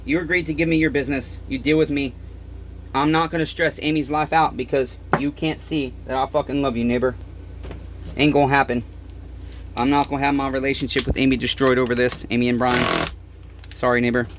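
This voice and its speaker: Background noise accompanies this mid-range, level-toned voice, which moves a little fast. It belongs to a small-engine repair shop owner angrily ranting and pleading to the camera, swearing a lot and repeating himself.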